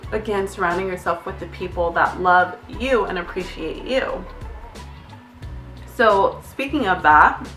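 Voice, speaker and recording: A woman's voice: mid-range voice, a bit bright, echoey room, distant mic. A young adult woman, a nurse, giving candid, chatty advice in a casual vlog, now and then glancing at notes and swearing lightly. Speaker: nurse vlogger.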